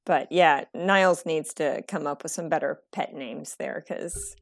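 A woman co-hosting a casual podcast, talking lively and jumping high when quoting. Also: a little slow, gravelly. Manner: lively, jumps high for quoted lines. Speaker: podcast co-host. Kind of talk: casual chat.

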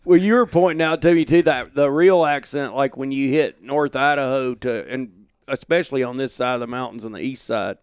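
An easygoing man telling stories as a podcast guest. His voice is smooth and resonant at a middle pitch. The recording is dry and close. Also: brisk, hardly any pauses, dry recording. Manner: easygoing, storytelling. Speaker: guest, outdoor journalist. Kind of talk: casual conversation. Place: home office.

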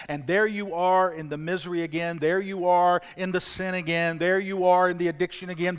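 A fairly high-voiced man preaches in a church, his words trailing off into a long hall reverb. He tells a story with care and drops to a near hush for the pleading lines. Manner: storytelling, dropping to hushed tones for quoted pleas. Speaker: pastor. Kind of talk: sermon.

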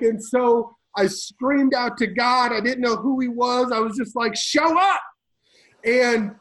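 A man on a podcast telling his life story intensely, swinging between loud and hushed, like a preacher. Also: high-pitched, low-quality recording. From Illinois. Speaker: podcast guest. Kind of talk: emotional personal storytelling.

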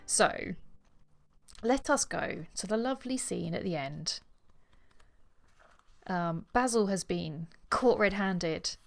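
A woman's voice: fairly low pitch, expressive, slow pace, vocal fry, long pauses, faint music behind. A woman co-hosting a book podcast, chatty and laughing often between summaries and readings. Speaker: podcast co-host. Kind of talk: casual book-club chat and reading aloud.

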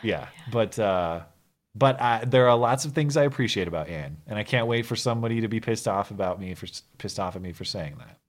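A man co-hosting a podcast in casual chat, joking in a deadpan, trolling way. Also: on the low side, a little fast. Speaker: podcast co-host.

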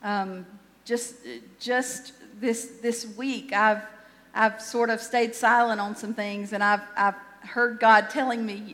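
A woman's voice: fairly high pitch, steady tone, unhurried, a bit bright, big-room sound. A woman pastor giving a sermon in a conversational, self-deprecating way, often restarting her sentences.

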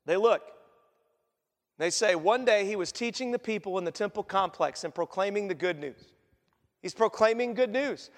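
A man preaching a sermon as pastor, animated and acting out quoted voices as he teaches. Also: sits high, moderate pace. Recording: echoey hall reverb.

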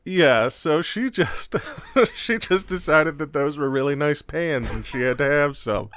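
A man co-hosting a casual chat show, easygoing and sharing measured opinions. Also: a little high, fairly bright tone, no room sound. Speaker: podcast co-host.

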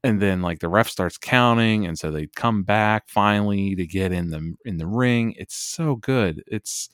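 A man's voice: fairly low pitch, a little slow, fairly bright tone, smooth, no echo, clean studio sound. A man co-hosting a wrestling podcast, chatting casually and enthusiastically, often restarting his sentences. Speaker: podcast co-host. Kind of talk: casual chat.

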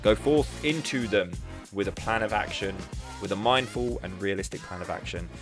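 Music plays behind a man hosting his own podcast as he talks through a solo monologue. He's casual and animated, laughs at his own mistakes, and speaks at a moderate pace in a voice on the low side.

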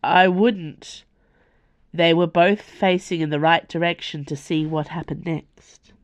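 An Australian woman reading her own serialized fiction aloud in a measured, expressive narration. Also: low voice. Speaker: author and podcast reader. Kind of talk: scripted narration.

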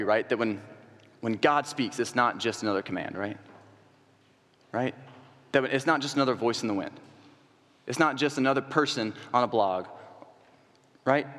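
Man preaching in a reverberant hall. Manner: asks the congregation rhetorical questions; builds emphatically to higher, louder peaks. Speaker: young adult coordinator preaching. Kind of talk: sermon. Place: church sanctuary.

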